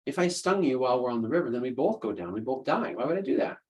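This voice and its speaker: A man's voice: mid-range voice, sing-song, quick pace, husky, rough recording. A man voicing a sly male scorpion from a fable, casual and persuasive. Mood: coaxing.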